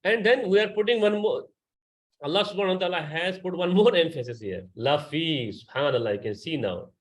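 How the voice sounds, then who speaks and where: A man's voice: a little high, lively intonation, brisk. A man teaching a Quran class, patiently explaining grammar and quizzing his students. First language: Urdu.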